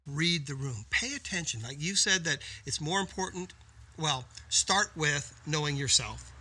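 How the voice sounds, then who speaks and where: A man's voice: fairly high pitch, expressive, unhurried, pushed and bright, husky. A man co-hosting a business podcast, explaining in an emphatic, coaching way and often tagging points with "right?". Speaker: podcast co-host. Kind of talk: casual business podcast talk.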